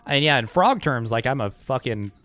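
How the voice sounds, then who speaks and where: A man's voice: mid-range voice, expressive, moderate pace, pushed and bright, soft background music. A man chatting casually with his live-stream chat while speedrunning a game, joking sarcastically and swearing freely.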